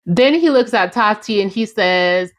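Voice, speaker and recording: Here a young adult woman runs a casual podcast, giving a sassy, talkative recap of a reality show and addressing listeners head-on while acting out quotes. She has a mid-range, animated voice and takes her time.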